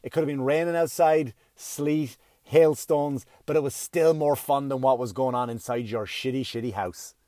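A man's voice: medium pitch, fairly even intonation, moderate pace, few pauses, mellow, no echo, clean studio sound. A middle-aged man doing a profane, ranting stand-up comedy set, acting out little voices as he goes.

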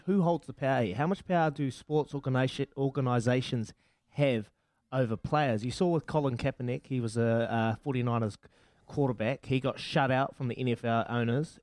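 A man's voice: medium pitch, a little mellow, no echo. Kiwi guy hosting breakfast radio, chatty and friendly, dry studio sound. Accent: New Zealand. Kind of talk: casual radio chat. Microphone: studio mic.

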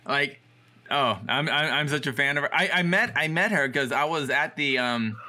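A man's voice: on the high side, animated, normal speed, pushed and bright. A man co-hosting a fight podcast, telling stories in a chatty, rambling way with many fillers. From Los Angeles area. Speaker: podcast co-host. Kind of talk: casual chat.

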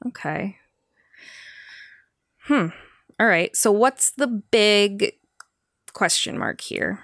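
A woman's voice: medium pitch, animated, drawn-out words, fairly bright tone, dry recording, studio quality. A woman co-hosting a podcast in casual chat, joking playfully and often laughing. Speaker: podcast co-host.

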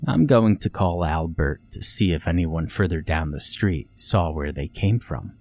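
A man's voice: sits low, expressive, unhurried, darkish tone, heavily acted. A man voicing an elderly female neighbor in a horror story, matter-of-fact and a little dismissive. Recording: faint music underneath.

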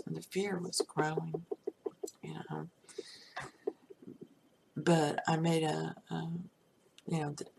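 A middle-aged woman telling a personal story in a rambling way, full of "you know" asides and breathy, half-whispered stretches. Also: low voice, flat delivery, a little slow, pauses often, background noise. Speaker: storyteller recounting a personal crisis. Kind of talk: personal testimony.

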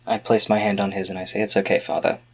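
A man's voice: lowish voice, little pitch movement, quick pace. A man earnestly playing his character in a tabletop game. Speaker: player.

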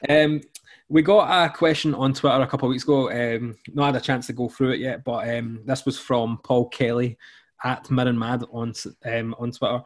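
A man's voice: medium pitch, level tone, normal speed. A young Scottish man co-hosting a football podcast, chatty and laughing as he talks. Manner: chatty, laughs through his stories. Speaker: podcast co-host. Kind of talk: casual chat.

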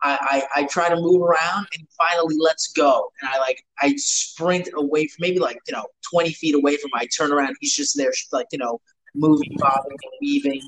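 A man's voice: on the high side, fairly even intonation, brisk, fairly bright tone, poor audio. New dude in his 30s, swears a lot, trips over his words telling a story. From New York. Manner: rambling, profane, lots of restarts. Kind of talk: casual storytelling chat.

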